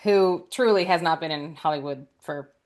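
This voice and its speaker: A woman's voice: low voice, normal speed. A woman co-hosting a podcast, chatting eagerly about movies with lots of laughs. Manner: enthusiastic, chatty, many fillers and laughs. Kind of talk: casual movie chat.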